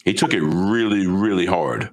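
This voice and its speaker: Low-voiced man telling a gaming story. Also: normal speed. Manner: animated, retelling with excitement. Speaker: podcast co-host. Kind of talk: casual storytelling chat.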